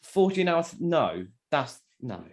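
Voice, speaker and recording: A young man hosts a casual podcast, bantering and teasing his co-host. His voice is lively, rising and falling a lot as he talks. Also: a little high, slow pace. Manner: joking, teasing, animated. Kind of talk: casual chat.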